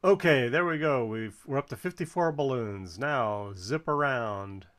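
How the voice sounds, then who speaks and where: Guy calling out balloon counts for someone playing a flying game, easygoing and encouraging, mid-pitched voice. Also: a little slow, a bit bright. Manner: encouraging, counts scores aloud. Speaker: co-commentator watching a flight game. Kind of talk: casual play-by-play commentary.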